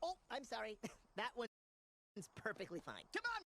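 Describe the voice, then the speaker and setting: An actor voicing a small, excitable male mushroom helper, squeaky and frantic, chattering away. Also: normal speed, creaky. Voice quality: squeaky, shrill. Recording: loud noisy trailer audio.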